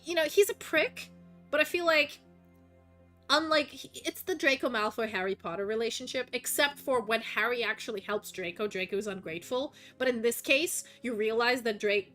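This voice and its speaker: Woman, russian accent, bright forceful tone, slightly high, rambling casual gaming chat, faint music behind. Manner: rambling, chatty, swears freely. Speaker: streamer.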